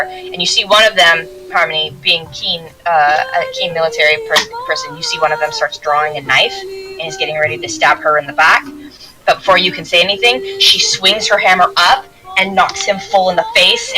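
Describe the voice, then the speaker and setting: A woman's voice: fairly low pitch, low-quality recording. A woman narrating as game master in a tabletop game, rambling with restarts. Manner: rambling, many restarts and fillers.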